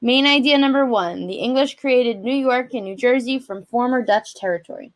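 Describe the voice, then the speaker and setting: Higher-voiced woman reading main ideas. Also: moderate pace. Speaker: co-teacher.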